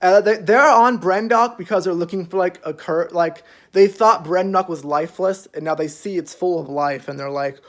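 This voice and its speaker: A man's voice: high-pitched, moderate pace, hardly any pauses, a bit bright. Rambling young man recapping a show. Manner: rambling, filler-heavy, swears freely. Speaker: show reviewer. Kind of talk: casual episode recap.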